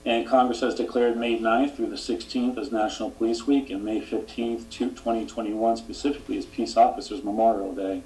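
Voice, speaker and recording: A man with a Boston accent, a select board member reading a formal proclamation aloud at a town meeting, measured with small restarts. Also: mid-range voice, steady tone, darkish tone, faint music behind. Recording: distant mic with faint hum.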